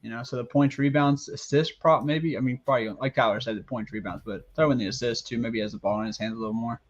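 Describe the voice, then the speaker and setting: A man on a sports betting panel who talks up his picks with excitement. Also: mid-range voice, fast talker. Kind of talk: casual sports betting chat. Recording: dull lo-fi audio.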